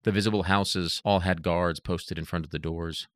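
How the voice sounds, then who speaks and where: A man narrating an audiobook in a steady, even reading voice. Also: low voice, normal speed, dry recording, clean studio sound.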